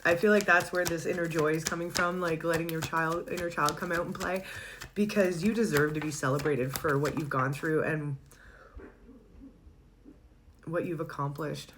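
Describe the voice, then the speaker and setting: A woman giving a casual tarot reading, chatty and laughing often, sometimes pausing to search for the right word. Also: sits low, fairly even intonation, background noise. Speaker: tarot reader.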